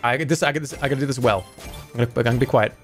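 A man streaming a video game, talking his way through it with sudden yelps, swearing and bursts of excitement, and sometimes reading the game's dialogue aloud. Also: medium pitch, racing, soft background music. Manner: excitable, swearing, yelps and shouts when things go wrong. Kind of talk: live gameplay commentary.

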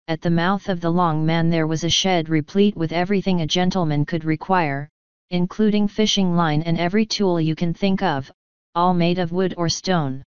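A woman narrates an audiobook in a low, very smooth voice, measured and even. The sound is bone dry, with no room at all. It has a dull, lo-fi quality. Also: no room sound.

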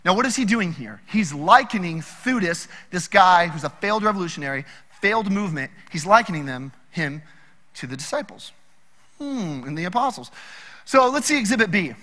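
A man preaching a sermon in a casual, animated storytelling way. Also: high voice, a little fast, long reverb tail. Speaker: pastor.

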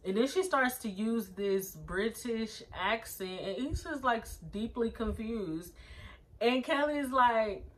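A woman's voice: on the high side, slow, low-quality recording. A woman chatting casually as she recaps a TV episode, sassy and slangy, with lots of "like" and "um". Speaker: TV episode reviewer. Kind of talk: casual chat.

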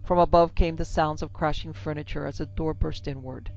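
A woman tells a horror tale in a steady, measured, gravelly voice that stays within a narrow range. The audio is a bit muffled, with faint music playing under the narration. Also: deep voice. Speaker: narrator and producer. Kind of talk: scripted horror story narration. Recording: slightly dull lo-fi with music.

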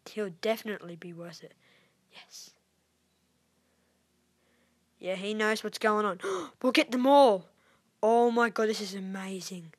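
A woman giving excitable live gameplay commentary as a YouTuber, squealing at wins and dropping to whispers when tense. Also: medium pitch. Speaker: gaming YouTuber.

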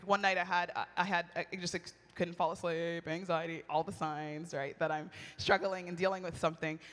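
At a retreat, a middle-aged woman preaches in a candid, conversational style, recounting personal stories with animation. Her fairly low voice is bright-toned, level and moderately paced, and the sermon carries a long hall reverb.

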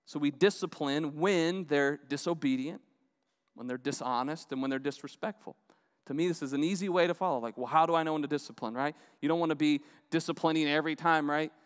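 A male pastor delivers a relaxed, conversational sermon in a fairly high voice. He keeps checking in with his listeners by asking "right?". The sound carries a long reverb tail, as in a large church sanctuary. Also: a little fast, clear, resonant tone. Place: church auditorium.

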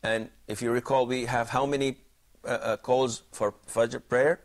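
A man teaches a religious jurisprudence class, explaining points, quizzing students by name, and repeating himself in a questioning, explanatory manner. His mid-range voice moves little in pitch and his pace is unhurried.

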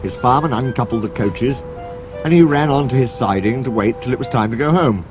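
A man narrating a children's story with an expressive reading manner. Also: medium pitch, brisk. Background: music.

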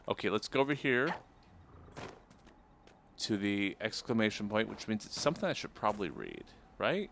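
A man's voice: fairly low pitch, expressive, normal speed, vocal fry, long pauses, a bit bright, slight background noise. A man giving playful, jokey commentary while he plays a video game and talks to his viewers. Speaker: let's play gamer. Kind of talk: casual gameplay commentary.

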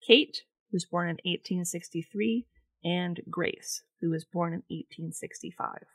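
A woman co-hosting a casual podcast, reading from her notes in a relaxed way. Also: lowish voice, measured pace, breathy edge, no echo. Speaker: podcast co-host, researcher.

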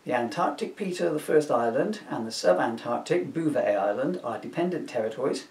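A man's voice: medium pitch, expressive, brisk, a little mellow, far from the mic. A man reading from his own comic book, chatty and self-mocking, with asides. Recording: roomy echo, voice from off-mic.

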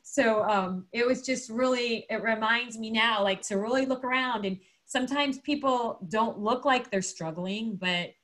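Animated woman telling a story. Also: on the high side, a little slow, hardly any pauses. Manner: animated, acts out quotes, frequent fillers. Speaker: guest. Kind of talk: casual interview storytelling.

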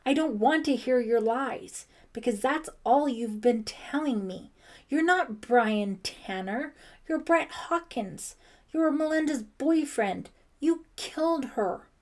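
A woman reading a teenage girl from a storybook who is furious and scared, her voice raised and accusing, and she talks in a slow, drawn-out way with every word pushed out hard. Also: medium pitch, lightly acted. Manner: loud, accusing, emotional. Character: frightened angry teenage girl. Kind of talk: audiobook character voice.

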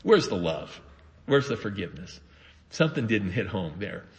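A man preaching a sermon as pastor, telling the story with animated voices for its characters. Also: lowish voice, normal speed, big-room sound, slight background noise. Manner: animated storytelling, acting out voices of the father and sons. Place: church sanctuary.

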